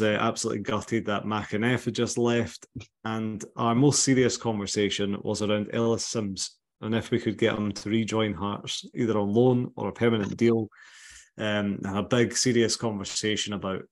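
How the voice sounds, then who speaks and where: Scottish male podcast host, low voice, wry teasing delivery. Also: little pitch movement, moderate pace. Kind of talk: casual podcast chat.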